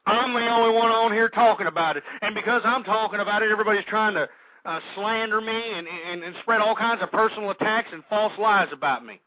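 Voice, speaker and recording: A man's voice: high-pitched, brisk. A man hosting a call-in radio talk show, angrily ranting with repeated rhetorical questions and insults. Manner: indignant, shouting insults, repetitive rhetorical questions. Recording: dull lo-fi internet radio audio.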